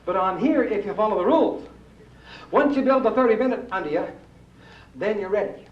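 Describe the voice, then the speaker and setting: A man's voice: high-pitched, lively intonation, brisk, a little hiss or hum. A man teaching a rebounding exercise class to a live audience in a folksy, coaxing way, often asking the crowd true or false. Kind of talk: live fitness demonstration to an audience. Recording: distant, echoey, dull old room recording.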